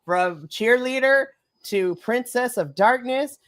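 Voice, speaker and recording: A woman, co-hosting a wrestling podcast in an excited chat, gushing and bursting into shrieks and laughter. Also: fairly high pitch, slow pace, dry recording. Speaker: podcast co-host. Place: home setup on a live stream call.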